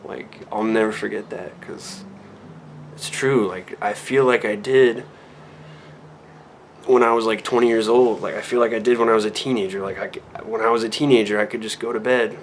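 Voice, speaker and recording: A man's voice: lowish voice, a little hiss or hum. A man in his thirties talking candidly in a personal vlog at home, reflective and rambling, with many restarts and fillers. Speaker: vlogger. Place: a room at home.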